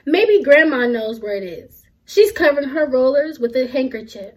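A woman's voice: sits high, expressive, moderate pace, low-quality recording. A young woman, a university student, reading a children's picture book aloud in a friendly way. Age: young adult. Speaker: student storybook reader.

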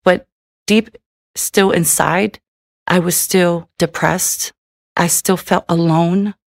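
A woman's voice: lowish voice, steady tone, slow pace, vocal fry, dry recording. A woman giving a personal faith testimony, speaking in a candid, earnest way and often adding "you know".

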